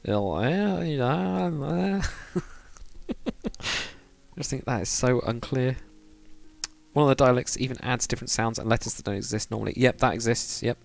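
A man chats loosely with his live stream viewers, rambling and filling gaps with ums. His voice sits at a middling pitch, and faint music runs quietly underneath. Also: steady tone, fast talker, creaky. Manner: rambling, chatty, frequent fillers and laughs. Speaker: live streamer, game builder. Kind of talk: casual chat to viewers.

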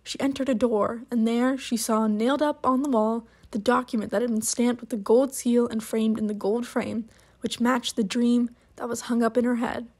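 A woman reads a short story aloud, measured and unhurried. Her voice sits a little higher than most. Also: fairly even intonation, darkish tone. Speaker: narrator.

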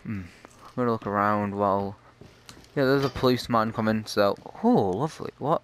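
A man's voice: mid-range voice, moderate pace. A man casually commenting while playing a horror game, chatty and jokey. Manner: chatty, jokey, easily startled. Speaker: gamer.

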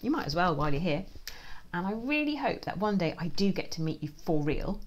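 A woman's voice: on the low side, sing-song, a little fast. A woman and children's author reading her picture book aloud, playful and dramatic, with whispered asides and sound effects.

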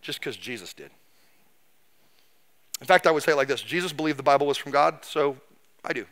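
A middle-aged man preaching a sermon as pastor, telling history as a lively story and acting out the people he quotes. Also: fairly high pitch, fast talker.

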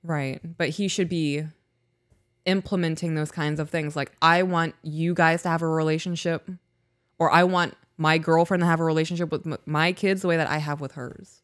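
A woman's voice: low voice, steady tone, moderate pace, no echo, studio quality. A woman co-hosting a relationship podcast, reading listener emails and talking candidly about parenting. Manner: candid, self-reflective, agreeable with many backchannels. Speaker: podcast co-host.

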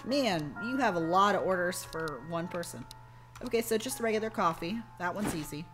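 Over background music, a woman with a fairly low, expressive voice plays a game and chats casually at a moderate pace, joking with her audience and bantering with chat and her cohost.

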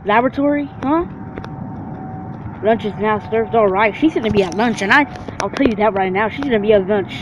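A high-pitched gamer talks trash briskly through his playthrough, swearing nonstop. His cheap mic gives a muffled, dull, lo-fi sound with a faint hiss.

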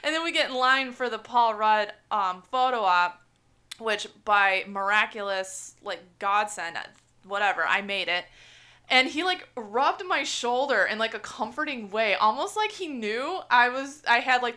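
Bright, animated woman telling stories. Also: a little high, measured pace. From Chicago area. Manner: animated storytelling, acts out quotes, laughs often. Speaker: podcast co-host. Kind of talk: casual podcast chat.

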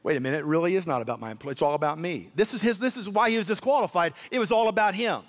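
Male pastor, sermon, emphatic, high voice, echoey hall. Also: animated, very fast. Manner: emphatic, repeats key words, acts out quoted voices. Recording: echoey hall with long reverb.

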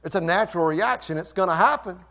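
A male pastor preaching a passionate sermon that swings between loud and soft. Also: high-pitched, quick pace.

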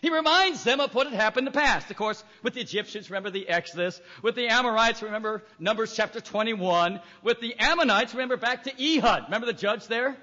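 Preacher guy, really high bright voice, emphatic sermon, dull muffled recording. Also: fast, few pauses. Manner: emphatic, reads scripture aloud and acts out voices. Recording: echoey hall, dull lo-fi recording.

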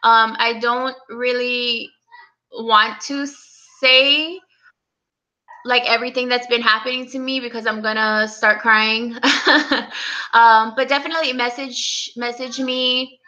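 A young woman hosting a casual live stream, speaking softly and close to tears as she greets viewers by name. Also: fairly high pitch, fairly even intonation, slow pace, highs cut off. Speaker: livestream host.

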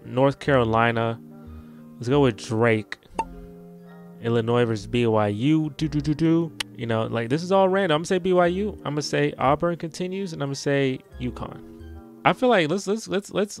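Casual young guy from Houston, mid-range voice, offhand and rambling, thinking aloud over faint music. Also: medium pitch. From Houston, Texas. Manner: rambling, offhand, repeats words while deciding. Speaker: sports YouTuber. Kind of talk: casual vlog, thinking aloud while filling out a bracket.

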